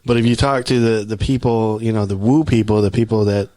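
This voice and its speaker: A man's voice: lowish voice, fairly even intonation, fairly quick, dark tone, no echo. A man with a Texan accent co-hosting a podcast, chatting casually and rambling with lots of fillers. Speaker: podcast co-host. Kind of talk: casual chat.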